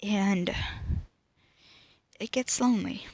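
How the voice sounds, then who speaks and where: A teenage girl speaking to camera about her own life, emotional and halting, often dropping to a whisper. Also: mid-range voice, creaky, darkish tone, dry recording. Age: teens. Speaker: student vlogger. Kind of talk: personal talk to camera.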